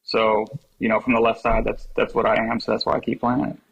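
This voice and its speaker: A man's voice: lowish voice, completely flat delivery, a little fast, creaky, fairly bright tone, husky, rough recording. A man chatting as a podcast guest, telling rambling stories and laughing often. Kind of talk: casual chat.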